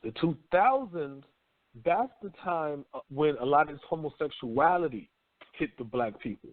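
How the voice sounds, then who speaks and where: A talk radio host gives a rambling casual monologue full of profanity and slang, animatedly telling stories and acting out people in mock voices. His voice is fairly high and moderately paced, with no echo, but the audio is tinny like a phone line.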